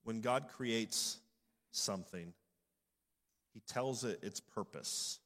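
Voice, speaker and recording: Man, pastor, sermon, deep voice, hall reverb. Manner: builds from low, measured speech to loud, high emphasis.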